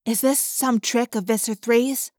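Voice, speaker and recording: A woman's voice: fairly high pitch, steady tone, measured pace, background noise, natural voice. A woman doing a somber teenage girl. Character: thoughtful teenage girl, worried and serious. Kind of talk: audiobook character voice.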